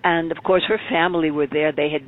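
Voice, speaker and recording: A woman in her eighties telling stories as an interview guest, animated and acting out the people she quotes. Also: low voice, fast. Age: 80s. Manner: animated storyteller, acts out quotes. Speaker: guest performer. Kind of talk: storytelling interview. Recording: phone-like narrow sound.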